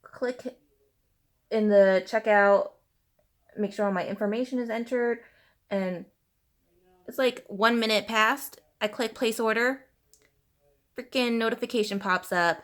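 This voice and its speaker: A woman's voice: on the high side, unhurried, long pauses. Beauty vlogger, woman, 30s, chatty and fed-up, fillers everywhere while she does her makeup. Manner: animated venting, heavy use of fillers like "you know" and "like"; talks while applying makeup. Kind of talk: casual ranting get-ready-with-me chat.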